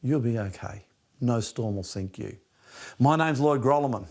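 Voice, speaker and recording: A middle-aged Australian man preaching a sermon, passionate and dropping from loud emphasis to hushed near-whispers. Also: medium pitch, moderate pace. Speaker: pastor.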